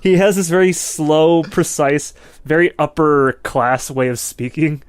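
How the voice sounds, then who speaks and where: A man's voice: on the high side, measured pace, smooth, no echo, clean studio sound. Rambling male podcast co-host. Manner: rambling, heavy use of "like" and "you know". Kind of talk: casual film review chat.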